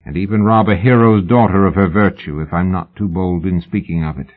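A man voicing a sly, lean Victorian London swindler who talks low and soberly. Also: a little fast. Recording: phone-like narrow band.

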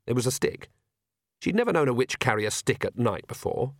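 A man reading an audiobook in a measured storytelling manner. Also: medium pitch, big pitch swings, dry recording, studio quality. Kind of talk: audiobook narration.

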